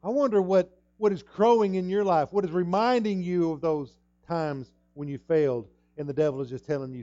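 A man's voice: moderate pace, few pauses, soft background music. Emphatic preacher man, muffled lo-fi sound. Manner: emphatic, repeats words, sudden loud rises in pitch. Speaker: pastor. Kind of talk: sermon.

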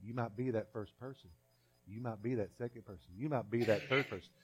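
A man's voice: fairly low pitch, fairly quick, slightly rough, faint music behind. Folksy preacher man. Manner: folksy, conversational preaching with repeated phrases and little acted scenes. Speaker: pastor. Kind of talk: sermon.

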